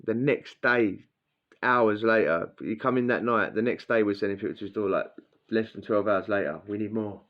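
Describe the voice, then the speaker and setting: A man's voice: lowish voice, normal speed. A man telling a blunt, crude prison story in casual slang, acting out what people said. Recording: dull lo-fi sound.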